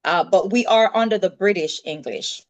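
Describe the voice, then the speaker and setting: A Jamaican woman telling stories as a guest in an interview, lively and acting out what people said. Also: mid-range voice, moderate pace. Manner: lively storytelling, acts out quoted dialogue. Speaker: podcast guest. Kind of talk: casual interview chat.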